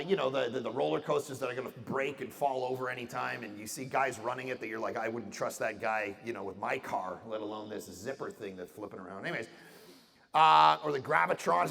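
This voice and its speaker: A middle-aged man from Canada giving an animated talk to an audience, acting out voices in his stories. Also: medium pitch, creaky. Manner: animated storytelling with acted-out voices and jokes. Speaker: conference speaker. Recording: reverberant hall sound.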